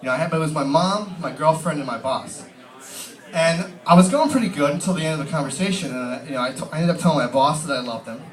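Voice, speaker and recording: A man tells stand-up stories in a loose, rambling way, full of "you know" and "like", his voice sitting a little high. The sound comes from a far-off camera and echoes around the pub. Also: fast. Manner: rambling, filler-heavy, casual storytelling. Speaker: stand-up comedian. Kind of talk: stand-up comedy set. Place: pub stage. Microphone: distant camera. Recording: roomy pub sound from a distant mic.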